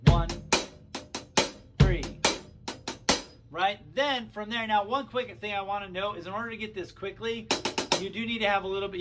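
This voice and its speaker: A man giving a casual drum lesson, counting beats aloud and sounding out rhythms. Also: high voice. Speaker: drum teacher. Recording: loud drum kit playing behind. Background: drum kit.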